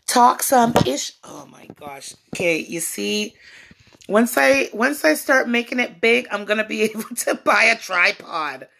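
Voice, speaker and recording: A woman's voice: on the high side, expressive, unhurried, gravelly, a bit bright, slight background noise. A woman vlogger chatting playfully to her viewers on a live stream from a phone at home. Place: at home indoors. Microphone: phone propped up on a table.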